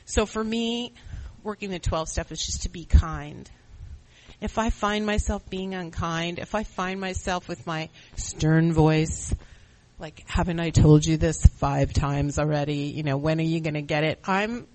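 Earnest, halting middle-aged panel speaker. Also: mid-range voice, low-quality recording. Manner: earnest and reflective, halting with restarts. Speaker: panel speaker at a recovery meeting. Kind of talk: personal recovery testimony.

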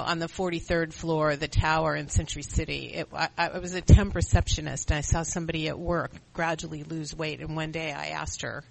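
A woman's voice: low voice, gravelly, poor audio. A middle-aged woman sharing her story as a panelist at a recovery meeting, earnest and repeating her key phrases.

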